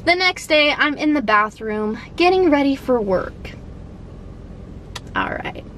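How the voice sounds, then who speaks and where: High-voiced young woman telling a story. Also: slow pace, noisy background. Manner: animated, swearing, lots of "like". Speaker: vlogger. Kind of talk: casual storytime.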